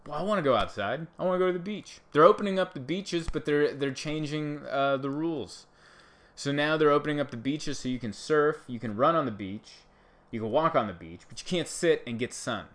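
A man's voice: fairly high pitch, a little fast, a bit bright. A man who works as a stand-up comedian, talking to camera in a casual, sarcastic, rambling monologue.

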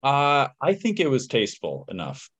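A man's voice: medium pitch, wildly swooping pitch, moderate pace, a bit bright. A man hosting a podcast in an easygoing, rambling chat. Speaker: podcast host.

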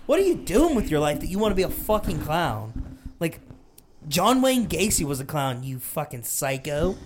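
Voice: medium pitch, very animated, moderate pace, slight background noise. A parent co-hosting a casual podcast, speaking bluntly and swearing freely, with dry humor. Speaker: podcast co-host. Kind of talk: casual chat.

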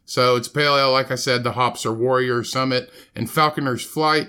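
A man's voice: medium pitch, steady tone, brisk, hardly any pauses, bright, forceful tone, soft background music. A man in his twenties hosting a casual podcast, laid-back, laughing easily and tripping over hard words. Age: 20s. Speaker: podcast host. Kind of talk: casual chat.

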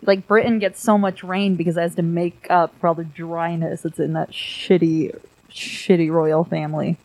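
A woman's voice: lowish voice, little pitch movement, moderate pace, a little mellow, low-quality recording. A woman co-hosting a casual podcast, cracking crude, sarcastic quips. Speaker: podcast co-host. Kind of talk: casual conspiracy podcast chat.

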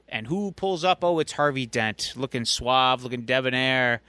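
Clear-voiced man recapping a story. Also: medium pitch, moderate pace, sharp tone, no echo. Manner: chatty storyteller, acting out quotes. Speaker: podcast co-host. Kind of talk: casual recap of a comic story.

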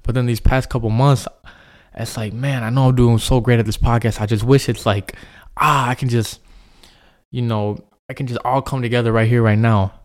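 An earnest young man talks through his thoughts alone on his podcast. His voice sits at an ordinary middle pitch, and his delivery is loose and reflective, with plenty of fillers. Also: steady tone, moderate pace. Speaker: podcast host. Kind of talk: solo podcast monologue.

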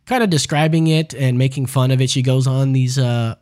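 A man's voice: mid-range voice, steady tone, brisk, darkish tone. A man hosting a casual podcast, reading news stories and ranting about them with heavy profanity and mockery. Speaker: podcast host. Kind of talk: casual crude news rant.

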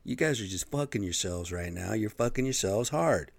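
A man's voice: fairly low pitch, expressive, moderate pace, gravelly, no echo. A middle-aged man talking in a blunt, profane, rambling monologue, getting worked up as he goes. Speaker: vlogger.

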